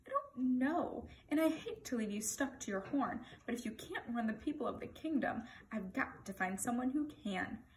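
A woman's voice: on the high side, lively intonation, normal speed, hardly any pauses, a little hiss or hum, lightly acted. A woman voicing a frantic, earnest young boy page who pleads breathlessly with the grown-ups.

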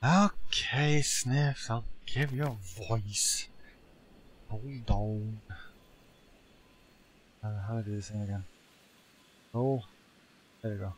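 A man playing a game with a friend, talking in quick excited bursts and laughing a lot. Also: lowish voice, a little hiss or hum. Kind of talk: casual gameplay chat.

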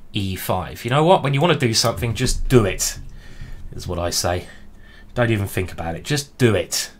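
A man giving animated, self-mocking running commentary while he plays speed chess online. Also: fairly low pitch. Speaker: chess streamer. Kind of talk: thinking aloud while playing speed chess.

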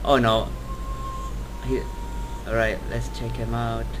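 A man's voice: medium pitch, little pitch movement, takes it slowly, noisy background. A young man playing a horror video game, reacting with panic, talking to the game and screaming at jump scares, in non-native English phrasing. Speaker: gamer. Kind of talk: horror game let's play commentary.

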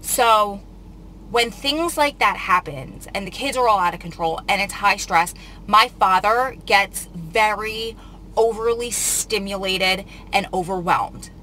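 In this emotional storytime vlog, a young woman recounts a long, meandering tale to her audience, close to crying and speaking in a confiding way. Her mid-range voice is bright and forceful at a measured pace, over poor audio with a little hiss or hum.

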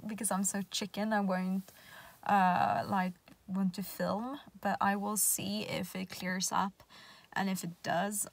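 A woman vlogger chatting casually to a handheld camera, rambling with lots of fillers. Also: medium pitch. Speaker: horse-riding vlogger. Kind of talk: casual vlog chat to camera.

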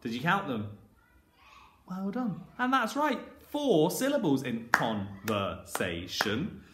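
A man leads a phonics lesson for small children, his pitch leaping around as he stretches out each letter and syllable. He keeps up an encouraging, sing-song teacher voice. The recording is echoey, with faint background noise. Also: wildly swooping pitch, a bit bright. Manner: slow, exaggerated sounding-out of letters and syllables. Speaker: primary school teacher.

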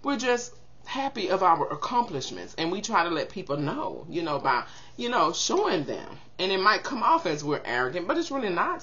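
An older woman chatting casually to camera, giving zodiac advice in an animated, expressive way and acting out quotes. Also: lowish voice, normal speed, dull audio.

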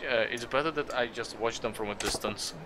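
A man's voice: mid-range voice, brisk, noisy background, lightly acted. A man voicing a sorrowful man living with a changed face, in a solemn, subdued way. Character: sorrowful man hiding behind a new face.

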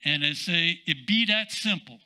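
An older man, a senior pastor, preaching a sermon in an emphatic, drawn-out way with casual asides. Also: on the high side, expressive, bright, forceful tone, poor audio.

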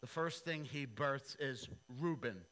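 A male pastor preaching a sermon, telling the story in an animated, playful, slangy way. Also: medium pitch, measured pace, rough recording.

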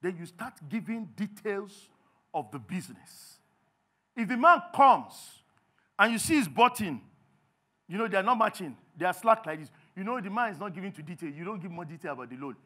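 A Nigerian man preaching a sermon as pastor, animated and acting out little scenes. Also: sits high, a little fast. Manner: animated, acts out little scenes in others' voices. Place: church.

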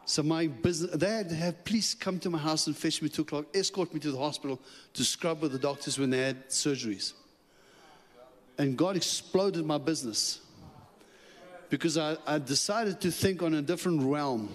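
A man preaching as a guest speaker, telling a personal story with lively, chuckling asides in which he acts out his own thoughts. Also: fairly high pitch, moderate pace. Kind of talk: sermon storytelling. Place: church sanctuary. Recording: long church hall reverb.

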